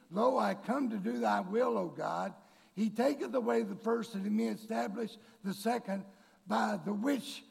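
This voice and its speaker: A man preaching a sermon to his congregation, bursting into shouted, drawn-out emphasis and calling them folks and church. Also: sits high, vocal fry, slightly rough. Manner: addresses the congregation directly. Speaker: pastor. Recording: long reverb of a large hall.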